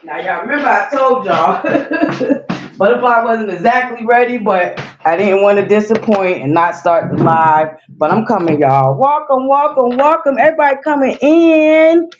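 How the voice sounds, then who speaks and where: A livestreaming woman keeps up a casual, chatty flow aimed squarely at her viewers, sounding slightly short of breath. She speaks unhurriedly in a mid-range voice, and the lo-fi recording sounds dull.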